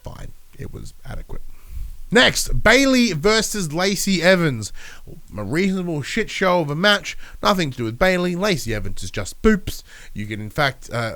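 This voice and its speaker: Recapping his week alone on his podcast, a congested, sick man rambles, swears, and performs wrestlers' lines in a casual way. His mid-pitched voice is expressive, bright, and pushed, moving at a moderate pace.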